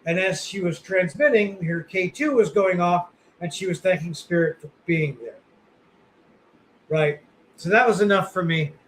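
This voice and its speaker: A man's voice: high-pitched, normal speed, slight background noise, rough recording. A man co-hosting a podcast, chatting casually in a rambling, blunt way with lots of fillers and the odd curse. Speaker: podcast co-host.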